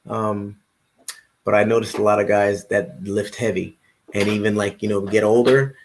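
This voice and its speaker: Gravelly middle-aged man chatting casually. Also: lowish voice, little pitch movement, moderate pace. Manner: rambling, repeats himself, greets chatters by name. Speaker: livestream host. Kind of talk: casual chat with live viewers.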